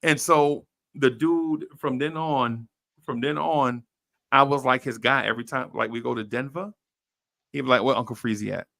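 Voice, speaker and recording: A man on a podcast, casually telling a story in animated, slangy talk and acting out what others said. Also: mid-range voice, normal speed, vocal fry, no echo, studio quality. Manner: animated, slangy storyteller who acts out quoted voices. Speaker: podcast host.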